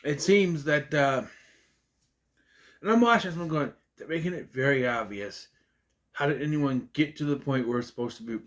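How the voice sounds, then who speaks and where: A man's voice: on the high side, normal speed. A young man giving a casual, rambling movie review, often correcting himself mid-sentence. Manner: rambling, self-correcting, animated. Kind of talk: casual spoken film review.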